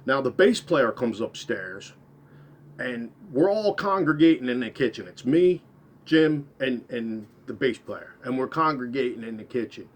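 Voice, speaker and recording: A man telling a first-person story, rambling, repeating and correcting himself, his voice trailing off quietly at the end of phrases. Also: mid-range voice, expressive, unhurried.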